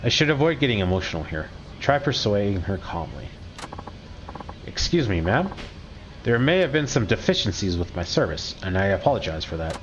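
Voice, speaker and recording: A man reading a game's driver dialogue and thinking aloud about his choices, his pitch lively and varied. The recording is slightly dull, with a faint vehicle hum beneath. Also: moderate pace. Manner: reads dialogue aloud, musing commentary. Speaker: video game streamer. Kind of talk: game playthrough, reading and commenting.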